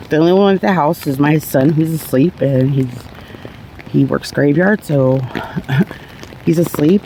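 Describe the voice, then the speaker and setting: A woman's voice: low voice, mellow, slight background noise, poor audio. A middle-aged woman telling her own story in a candid, rambling, blunt way, swearing casually. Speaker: vlogger sharing her cancer story.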